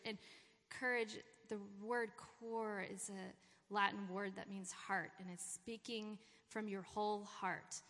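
A woman giving an informal, encouraging sermon talk at a church gathering. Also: fairly high pitch. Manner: encouraging, warm pep talk with laughter. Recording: long hall reverb.

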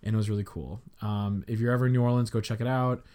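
A man's voice: lowish voice, steady tone, quick pace, darkish tone, smooth. A young man from the Chicago area hosting a podcast, telling a story in a rambling, casual way full of fillers. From Chicago area, United States. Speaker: podcast host.

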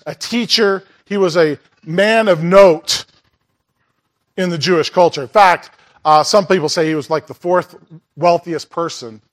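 A man's voice: on the high side, fairly bright tone. Conversational male pastor preaching. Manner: conversational, with asides and questions to the congregation. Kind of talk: sermon.

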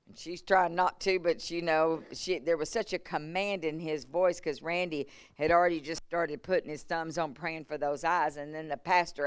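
Speaking in a lowish, clear and resonant voice at a moderate pace, a woman revival preacher shares healing stories from the pulpit of a church. She acts out quotes and laughs as she goes, and there is no echo.

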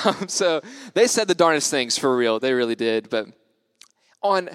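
A young man in his twenties preaching in a loose, storytelling way. He keeps it light with self-deprecating jokes and easy laughs. His voice sits at a middle pitch and sounds close and dry. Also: lively intonation, moderate pace, a bit bright, clear, resonant tone, no echo. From United States. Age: 20s. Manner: upbeat, joking, self-deprecating, laughs often. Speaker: young church speaker. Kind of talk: casual storytelling sermon.

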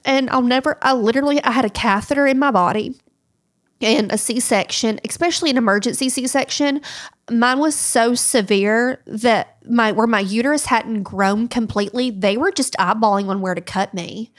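Woman, tearful podcast co-host; sniffling, pitched a bit high. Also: normal speed. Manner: tearful, storytelling with quoted voices. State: crying, sniffling. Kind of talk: emotional personal podcast talk.

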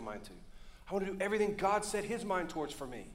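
A man preaches to his congregation with a slightly high voice, mixing jokes with calls for the crowd to answer him. The sound carries the echo of a large church room. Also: rapid-fire. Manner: joking, calls for audience response. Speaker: pastor. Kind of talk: sermon. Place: church sanctuary.

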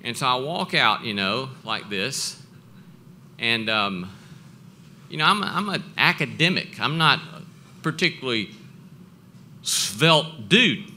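Earnest, bright-voiced male professor speaking. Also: medium pitch, lively intonation, slight background noise. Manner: earnest, reflective, halting restarts. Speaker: professor giving a talk. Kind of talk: personal storytelling speech. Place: event breakfast gathering.

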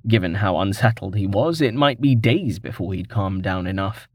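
A man narrating a fantasy novel in a measured, expressive reading. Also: on the low side, husky, dry recording, studio quality. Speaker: audiobook narrator.

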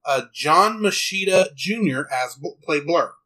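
A man co-hosting a podcast, chatting casually and rambling with quick asides and restarts. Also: fairly high pitch, lively intonation, pushed and bright, low-quality recording. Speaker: podcast co-host. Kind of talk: casual chat.

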